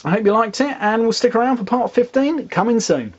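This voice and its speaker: A man's voice: very high-pitched, animated, fairly quick, lo-fi sound, noisy background. Man rambling through a comic review. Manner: rambling, with fillers and asides. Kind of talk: casual video review.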